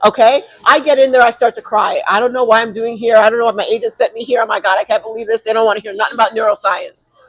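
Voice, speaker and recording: Woman, emphatic, acts out voices, high pitch, dry close sound. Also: steady tone, fairly bright tone, no echo, poor audio. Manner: emphatic, acts out quick inner monologues. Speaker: co-host. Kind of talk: animated podcast conversation.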